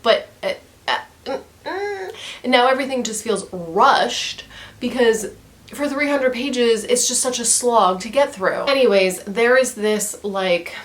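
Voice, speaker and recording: A woman in her twenties rants casually to the camera while reviewing a book, exasperated, crude and emphatic, hammering her points again and again. Her pitch is medium.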